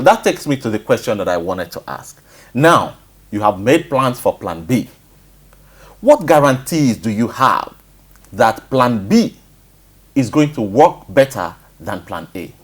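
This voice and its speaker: Husky Nigerian host, lively questions. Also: male voice, medium pitch, a little slow. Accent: Nigerian English. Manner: asks questions, frequent "mm" and "hmm" backchannels. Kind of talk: moderating a talk show.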